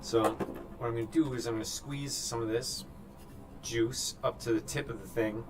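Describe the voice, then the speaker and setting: A man's voice: mid-range voice, fairly even intonation, normal speed. Easygoing man chatting while he paints. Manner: rambling, offhand, thinks aloud. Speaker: painter streaming live. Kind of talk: casual commentary while painting. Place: indoor studio room with a sunny window.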